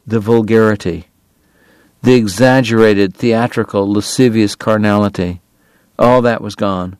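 A man reading a novel aloud in measured, deliberate narration. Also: fairly low pitch, fairly even intonation, a little mellow, smooth, dry recording. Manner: measured, deliberate, pausing on lists. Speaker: audiobook narrator.

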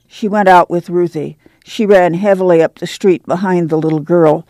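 A woman reading a novel aloud on a radio book program in a measured storytelling way. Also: on the low side, fairly even intonation, warm tone, dry recording. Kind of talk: scripted narration.

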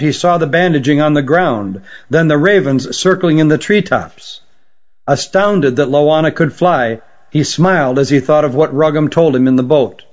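A man narrating an audiobook story at a steady, even storytelling pace. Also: fairly high pitch. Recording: dull lo-fi recording.

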